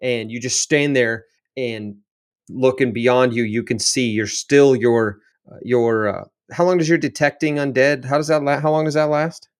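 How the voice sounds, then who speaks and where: A man's voice: medium pitch, steady tone, normal speed. A man running a tabletop game as game master, narrating the action in a loose, descriptive way.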